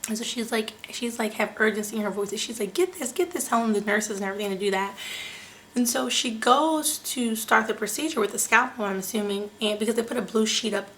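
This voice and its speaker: A young woman vlogger telling a personal story to her viewers in an animated, chatty way, often saying "like" and "you guys.". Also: on the high side, brisk, slight background noise. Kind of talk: casual storytelling to camera.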